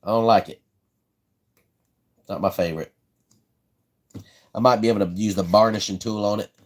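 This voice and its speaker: Speaking at normal speed in a fairly low voice, this Southern-accented South Carolina man hosts a relaxed livestream as he builds a fishing rod. He takes it easy and tends to say things more than once.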